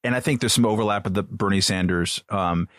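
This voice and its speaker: A man co-hosting a podcast, speaking in a thoughtful, halting way with many fillers as he puts questions to a guest. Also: lowish voice, fairly bright tone, no room sound, studio quality. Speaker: podcast co-host. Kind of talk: casual podcast discussion.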